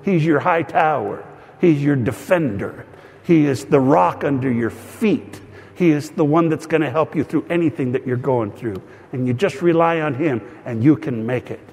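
A man's voice: fairly high pitch, moderate pace, darkish tone. A man in his fifties preaching a sermon in a church, telling homespun stories and leading the congregation in call-and-response. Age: 50s. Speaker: pastor. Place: church sanctuary. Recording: long reverb of a large hall.

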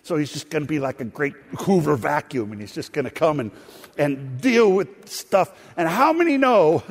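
A male pastor delivers a sermon, mixing stories with quick asides to his congregation. His voice sits a little high for a man. A long reverb from the church hall trails after his words. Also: slightly rough. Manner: storytelling preacher, animated asides to the congregation. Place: church sanctuary.

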